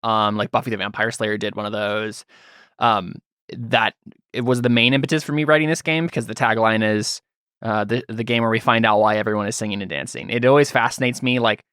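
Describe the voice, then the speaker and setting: A man running a tabletop role-playing game as game master, chatting in a relaxed, rambling way with lots of fillers. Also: on the low side, brisk, clean tone, dry recording, clean studio sound. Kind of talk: casual chat while setting up a tabletop game.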